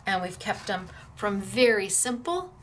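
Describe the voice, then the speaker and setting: Bubbly, bright-voiced woman crafting host. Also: mid-range voice, sing-song, unhurried, slight background noise. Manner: bubbly, encouraging, gushing. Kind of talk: crafting tutorial.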